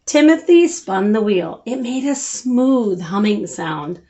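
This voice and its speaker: An older woman hosting a children's story time, reading a picture book aloud in an animated, sing-song way. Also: medium pitch, takes it slowly. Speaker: storyteller host.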